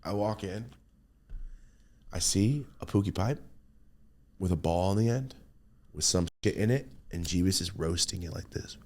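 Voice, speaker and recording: A man's voice: deep voice, moderate pace, long pauses, a little hiss or hum. A man hosting a podcast, telling loose, profane stories in a casual chat and acting out what people said. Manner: loose, profane, animated storytelling with acted-out quotes. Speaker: podcast host.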